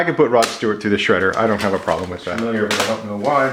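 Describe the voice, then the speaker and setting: A man, a resin maker, chatting casually and enthusiastically to camera, thinking out loud as he works in his home workshop. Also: lowish voice, big pitch swings, fast, few pauses. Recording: echoey workshop with loud machine noise.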